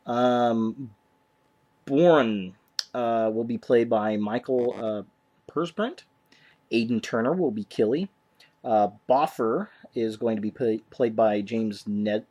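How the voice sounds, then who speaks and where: A man at an everyday middle pitch chats through film casting news for his vlog. He hesitates often, filling gaps with ums and restarting his sentences. The delivery is loose and unscripted. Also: darkish tone. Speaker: vlogger. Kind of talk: casual movie news chat.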